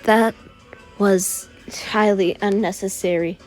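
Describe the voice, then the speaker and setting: A woman's voice: mid-range voice, steady tone, slow, darkish tone, faint music behind, close to an everyday voice. A woman voicing a stiff, formal teenage boy class representative who speaks in a scolding way.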